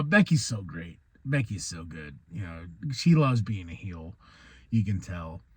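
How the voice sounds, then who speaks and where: A man from New Mexico hosts a casual podcast, recapping a wrestling broadcast in an excitable, chatty way. He laughs often and slips into the wrestlers' lines as he retells them. His voice sits a little high, and the recording is dry and close. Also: dry recording. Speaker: podcast host.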